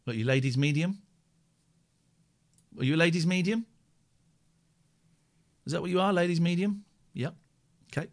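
A man's voice: on the high side, animated, moderate pace, long pauses. A man hosting a casual live stream, rambling playfully and talking to himself as he clicks through tasks. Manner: rambling, playful, talks to himself while working. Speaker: streamer and radio-style host.

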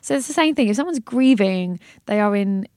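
A woman talking as a podcast guest, passionate and animated, swearing and laughing as she goes. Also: mid-range voice, brisk, no echo, studio quality. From Britain. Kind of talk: casual chat.

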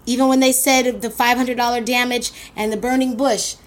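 A woman tells a personal story, blunt and animated, dropping curses and acting out what people said. Her pitch sits a little above the usual for a woman. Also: quick pace, hardly any pauses. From Queens, New York. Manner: animated, blunt, swears, acts out quotes.

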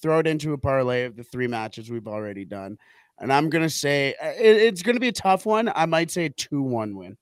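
A man's voice: a little high, big pitch swings, fairly quick, no echo. A man co-hosting a casual football podcast, rambling through his picks with many restarts and repeated words. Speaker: podcast co-host. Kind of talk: casual sports betting chat.

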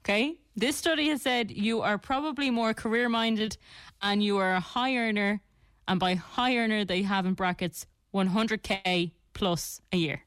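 An Irish woman in her thirties co-hosting a radio show, chatty and quick to defend herself between laughs. Her voice is mid-pitched and recorded dry, with no room echo. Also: fairly bright tone. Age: 30s. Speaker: radio co-host. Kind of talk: casual radio banter.

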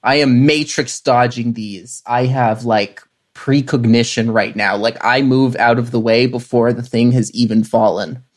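Tabletop player, chatty, wry, mid pitch. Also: steady tone, measured pace. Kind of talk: casual tabletop chat.

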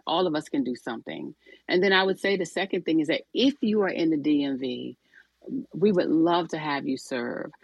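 Husky, earnest woman telling stories. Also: low voice, no echo. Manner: earnest, folksy storytelling. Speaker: guest, executive director of a homeless outreach group. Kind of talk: conversational interview.

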